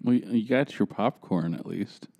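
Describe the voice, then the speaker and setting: A man with a dark, mellow voice chimes in on a casual podcast chat with short, teasing remarks. The sound is dry and close, with no room around it. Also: on the low side, normal speed, gravelly, dry recording. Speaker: podcast co-host.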